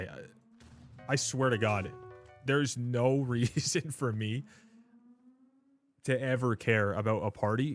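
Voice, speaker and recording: A man chatting casually on a gaming livestream, rambling and swearing as he jokes with his chat. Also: on the low side. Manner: rambling, profane, joking with chat; frequent filler words and restarts.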